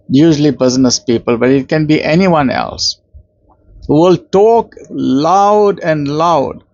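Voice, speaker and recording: Brief: South African male lecturer, fairly high voice, conversational religious talk, dry and dull recording. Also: darkish tone, no room sound. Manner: conversational, acts out quoted voices, uses Arabic terms. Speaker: Islamic lecturer.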